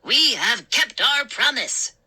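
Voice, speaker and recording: A woman voicing small, gleeful, mischievous gnomes with shrill, sneering, giggly voices. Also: expressive, takes it slowly, sharp tone, husky, heavily acted.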